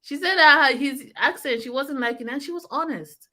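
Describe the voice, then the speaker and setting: A woman with a Nigerian accent, co-hosting a casual movie review chat and retelling scenes in an animated way. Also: high-pitched, brisk, slight background noise.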